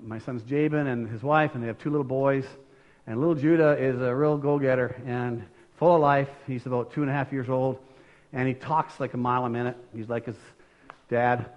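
A man's voice: mid-range voice, fairly even intonation, brisk, lo-fi sound. An older man preaching a conversational sermon in an earnest tone, with frequent restarts.

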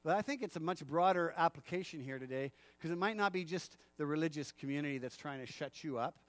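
A man preaching a sermon in a church, animated, acting out the quotes and laughing often. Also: on the high side, fast talker, no room sound. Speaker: pastor.

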